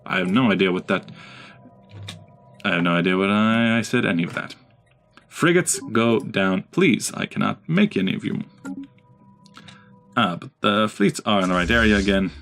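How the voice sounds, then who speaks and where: Lively low-voiced man playing a game. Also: normal speed, creaky, pauses often. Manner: chatty, talks to his units. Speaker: let's play host. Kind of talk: casual gameplay commentary. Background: game music.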